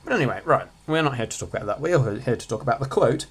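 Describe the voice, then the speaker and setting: Teenage lad, offhand study-channel host who cracks jokes, regular voice. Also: male voice, mid-range voice, animated, fast talker, few pauses, breathy edge. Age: teens. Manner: chatty, offhand, jokey asides. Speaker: student revising on his channel. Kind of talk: casual revision lesson.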